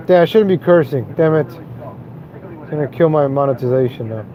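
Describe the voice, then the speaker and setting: A man's voice: a little high, dull audio. A man live-streaming from his car, mocking and cursing in an angry rant, then apologizing to his viewers. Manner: profane, mocking, quick to rage then apologetic. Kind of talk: ranting live stream commentary. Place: inside a car, driving.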